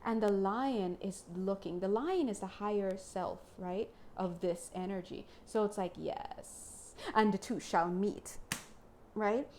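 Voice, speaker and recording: A woman doing a casual spiritual card reading for viewers, chatty and excitable, often slipping into playful little voices. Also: mid-range voice, measured pace, hardly any pauses, a little hiss or hum.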